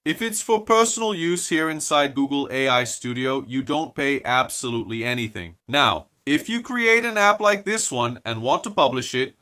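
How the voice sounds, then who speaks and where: A man from Brazil hosting a software tutorial, explaining each step and talking straight to his viewers. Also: on the high side, no room sound. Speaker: tech tutorial host. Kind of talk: screen-recorded software tutorial.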